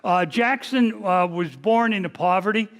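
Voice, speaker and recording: A man in his seventies speaks in a notably high voice as he lectures on history. He rambles and pokes fun at himself. He talks to a big audience in a library hall from a lectern mic. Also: moderate pace. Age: 70s. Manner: self-deprecating, rambling, joking. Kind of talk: public lecture with jokes. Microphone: stationary mic at a lectern.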